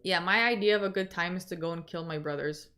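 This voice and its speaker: A woman's voice: lowish voice, fast talker, a bit bright. A young woman with a Canadian accent, chatting casually with viewers as a livestream host and reading their comments aloud.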